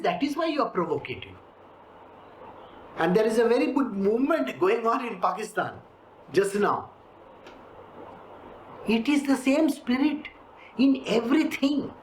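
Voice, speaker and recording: An emphatic spiritual teacher lectures on scripture and presses listeners with rhetorical questions. The voice sits in a roomy space with a clear echo, and a faint hiss runs underneath. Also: medium pitch.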